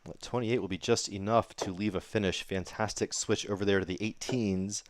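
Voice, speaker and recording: A man doing live darts commentary, getting excited on big throws. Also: lowish voice, moderate pace, no room sound. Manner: excitable, rises sharply on big moments.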